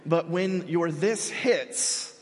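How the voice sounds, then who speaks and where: An earnest young male pastor preaches with a slightly high voice. He talks in halting bursts and restarts his phrases often. His voice rings with a long reverb from a large church hall. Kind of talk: sermon.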